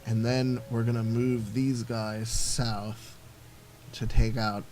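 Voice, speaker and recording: A man's voice: medium pitch, level tone, takes it slowly, darkish tone, slight background noise. A man giving casual gameplay commentary, rambling and thinking aloud with lots of fillers. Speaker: let's play host.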